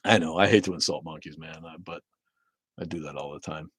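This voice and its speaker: A man's voice: rumbling low, fairly even intonation, brisk, fairly bright tone, husky, no echo, clean studio sound. A man in his fifties hosting a casual livestream rant, profane and rambling with many restarts. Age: 50s. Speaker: livestream host. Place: home in Maine.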